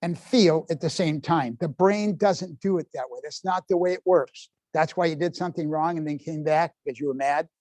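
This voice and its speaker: Lively older man leading a parenting workshop. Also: fairly high pitch, normal speed, hardly any pauses, no room sound. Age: 70s. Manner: lively, quizzes the audience, folksy asides. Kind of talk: live workshop talk to parents. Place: public library meeting room.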